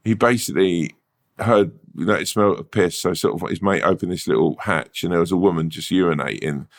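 Deep-voiced male podcast co-host, animated swearing storyteller. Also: fairly quick, creaky. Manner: animated storyteller, swears freely, laughs often. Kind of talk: casual chat.

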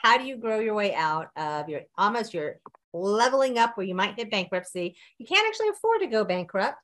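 A woman hosts an interview and presses for detail with follow-up questions. Her voice sits at a medium pitch. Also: very animated, fairly quick, a bit bright. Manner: inquisitive, probing follow-ups. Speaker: interviewer host.

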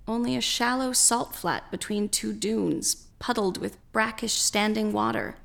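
Woman reading a dark fairy tale, real slow, a bit of vocal fry. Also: mid-range voice. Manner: slow, measured storytelling. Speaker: storyteller. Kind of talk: scripted story narration.

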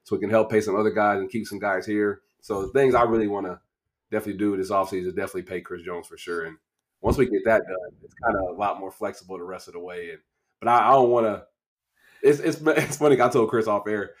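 A man from Kansas City co-hosting a sports podcast, talking in an animated, emotional way with long run-on stretches. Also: on the low side, fast. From Kansas City, USA. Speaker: co-host, draft analyst. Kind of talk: casual sports podcast chat.

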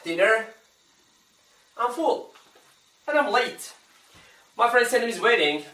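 A man acting as an unfaithful husband in an amateur drama, his voice high and bright. He talks curtly and brushes off every question. The sound is echoey and comes from far off. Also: lively intonation, slow, heavily acted. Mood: dismissive. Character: unfaithful husband, dismissive and evasive. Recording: echoey room heard from far off with faint noise.

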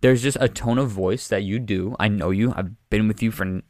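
A man's voice: on the low side, a little fast, a little mellow, no room sound, clean studio sound. A young man talking casually as a podcast guest, rambling and playfully defensive.

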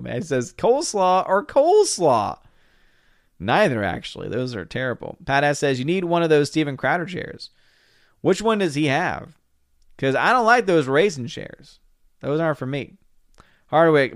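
A young man hosting a livestream, reading viewer comments aloud and answering them with laughs and quick retorts. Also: medium pitch, clean tone, no room sound, clean studio sound. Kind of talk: casual livestream chat.

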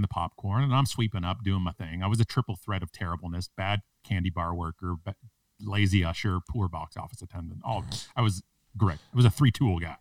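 A man's voice: low-pitched, darkish tone, no echo, far from the mic. A man, a public speaker and podcast guest, tells a story with punchy, self-mocking comic timing. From Canada. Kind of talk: animated storytelling in a podcast interview.

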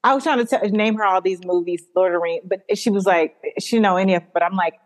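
A woman hosting a podcast, talking in an animated, emphatic casual chat and swearing freely. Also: medium pitch, fast. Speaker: podcast host. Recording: long hall reverb.

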